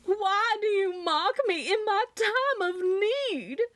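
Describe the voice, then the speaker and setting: A woman voicing a hysterical, showy Southern woman with a Southern accent, shrill and melodramatic. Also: lively intonation, takes it slowly, fairly bright tone, dry recording, full character voice. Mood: wounded indignation.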